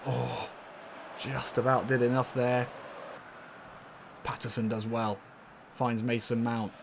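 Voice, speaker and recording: Excitable man commentating on a football game. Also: medium pitch, a little slow, long pauses, a little hiss or hum. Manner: excitable, laughs and shouts at near misses. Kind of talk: casual let's-play commentary.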